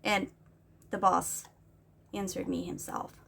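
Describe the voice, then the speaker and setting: A woman's voice: on the low side, little pitch movement, takes it slowly, vocal fry, fairly bright tone, husky. Woman ranting on her vlog, agitated, talks in english. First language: Norwegian. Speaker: vlogger. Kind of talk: casual venting vlog.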